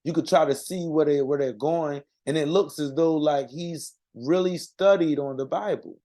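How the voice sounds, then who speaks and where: A man speaking in an unscripted monologue to his community, earnest and halting, with frequent restarts and fillers. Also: a little high, warm tone.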